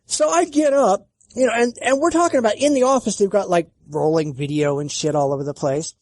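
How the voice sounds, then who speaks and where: A man's voice: sits high, brisk, darkish tone, no room sound. A man hosting a podcast, ranting in a profane, indignant and sarcastic way. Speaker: podcast host. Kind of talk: angry ranting podcast chat.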